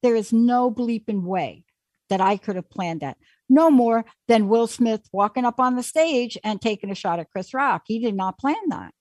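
A woman hosting a call-in talk show, talking in an animated, chatty way and taking callers. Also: on the high side, moderate pace, no echo. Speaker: host.

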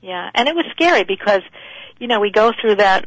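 A woman's voice: mid-range voice, moderate pace, gravelly, no room sound, rough recording. A middle-aged woman, a guest author, earnestly telling a personal faith story in conversation.

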